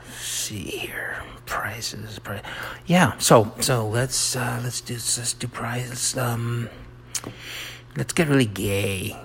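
A middle-aged man hosting a rambling personal monologue, halting and self-mocking, often dropping into soft whispered asides. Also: mid-range voice, creaky, slight background noise. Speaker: monologue host.

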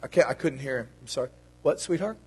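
A man's voice: medium pitch, animated, fast talker, a little mellow, slightly rough. A man giving a children's sermon in a church, talking to the kids in a playful, friendly way. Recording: long reverb of a church hall.

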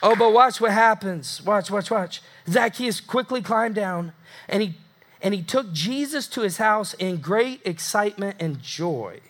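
A male pastor delivers a sermon in a strikingly high, bright, forceful voice, a little on the slow side. He emphatically hammers phrases through repetition and acts out voices for the people in his story. There's a slight hiss or hum in the recording.

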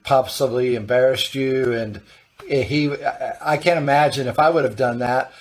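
A man hosts a conversational podcast interview in a voice of middling pitch. He is supportive of his guest but hesitant, often restarting his sentences with "uh". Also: normal speed. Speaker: podcast host.

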